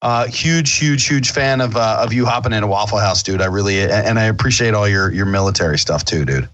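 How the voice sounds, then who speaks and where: A man's voice: fairly low pitch, brisk, a bit bright. Rambling upbeat man hosting a podcast. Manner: rambling, upbeat, many fillers and restarts, swears casually. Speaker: podcast host. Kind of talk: casual podcast monologue.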